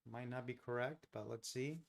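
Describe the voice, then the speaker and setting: A man's voice: mid-range voice, moderate pace, vocal fry. A man streaming live as a futures day trader, thinking aloud as he scans markets, questioning his own trade ideas with laid-back joking asides.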